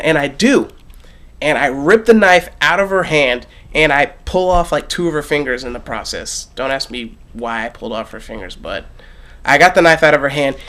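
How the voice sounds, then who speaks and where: Animated young man telling a dream story. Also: on the high side. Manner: animated, swings between loud and hushed. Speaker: vlogger. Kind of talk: casual storytelling vlog.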